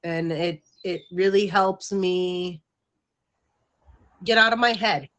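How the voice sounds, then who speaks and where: A woman's voice: on the low side, slow, a bit bright. A middle-aged woman hosting a livestream show, talking in a frank, rambling, casual way and laughing easily. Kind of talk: casual chat.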